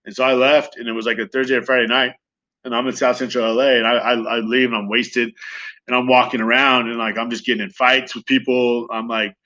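Man, 30s, rapid-fire candid storyteller, bright, crisp voice, swears freely. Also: medium pitch, muffled recording. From Southern California. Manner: fast, profane, animated retelling with acted quotes. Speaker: guest sharing recovery story.

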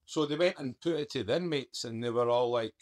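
A man recounting his story as a podcast guest, his talk casual and down to earth. He speaks with a middling pitch and slips into everyday turns of phrase as he goes. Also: fairly quick. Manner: plain-spoken, conversational, uses "mate" and "I done". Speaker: guest, author.

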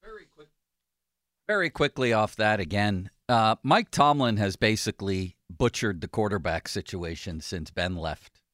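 Opinionated sports talk host, dry studio. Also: male voice, lowish voice, expressive, normal speed, a bit bright, no echo. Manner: opinionated, chatty.

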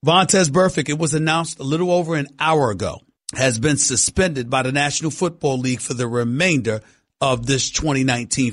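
A man's voice: fairly high pitch, a bit bright. A man hosting a sports talk radio show, emphatic and repeating points for stress.

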